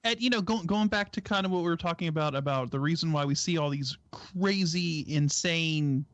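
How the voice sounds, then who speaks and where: A man's voice: a little high, brisk, dry recording, highs cut off. A man co-hosting a casual talk stream, explaining earnestly with lots of "you know" and "right?". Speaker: co-host. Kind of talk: casual chat.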